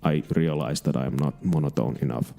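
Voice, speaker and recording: A man putting on a flat Finnish rally driver. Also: very deep voice, a little fast, vocal fry, faint music behind, voice pushed down. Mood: flat, deadpan. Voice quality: monotone, clunky pronunciation. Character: monotone male Finnish rally driver at a press conference.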